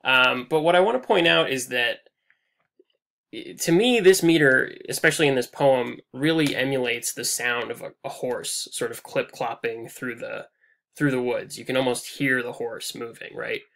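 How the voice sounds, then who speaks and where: A man teaching a recorded online lecture over slides, casual and full of "um"s, his phrases trailing off quietly at the ends. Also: medium pitch, moderate pace, gravelly. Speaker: English instructor.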